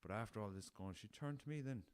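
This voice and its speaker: A man's voice: lowish voice, fast talker, clean tone, no echo. An Irish man hosting a podcast, rambling through a story in casual talk, swearing freely and calling his listeners lads. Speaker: podcast host. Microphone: podcast recorder with laptop.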